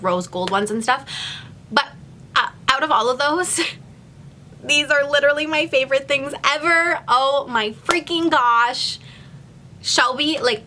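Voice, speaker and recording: A woman's voice: high voice, pushed and bright, a little hiss or hum. A woman with a young daughter gushing through an unboxing vlog, gasping and repeating exclamations. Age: adult, a mother. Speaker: YouTuber unboxing a gift box.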